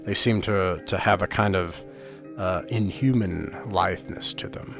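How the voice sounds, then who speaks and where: A man's voice: sits low, a little slow, gravelly, over music. A man running an online tabletop game as game master, talking casually with many fillers and restarts. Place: home setup on an online call.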